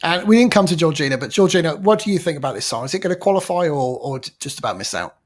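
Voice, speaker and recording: Male host, playful and upbeat, lively varied pitch. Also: racing. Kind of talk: hosting a panel show.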